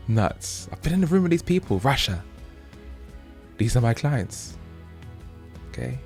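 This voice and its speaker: A man from the UK hosting his own show, delivering an emphatic, preachy monologue that keeps checking in with "okay?" and jumps higher and louder on key points. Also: sing-song, slow pace, creaky, long pauses, faint music behind. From United Kingdom. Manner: rising to loud high emphasis on key points. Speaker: host. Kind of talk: opinionated monologue.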